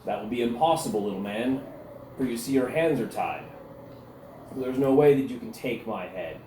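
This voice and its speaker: A man's voice: lively intonation, moderate pace, warm tone, slight background noise, lightly acted. A man doing a towering, coldly menacing warrior knight. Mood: coldly calm. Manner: low, clipped and menacing. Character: towering brutal male warrior knight, cold and restrained. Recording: roomy recording with faint ambience.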